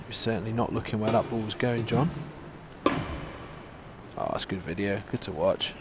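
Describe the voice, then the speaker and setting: A man's voice: fairly low pitch, measured pace. A man giving casual, joking live commentary on a tennis match. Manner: chatty, joking, reacting to play. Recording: loud background noise at a live venue.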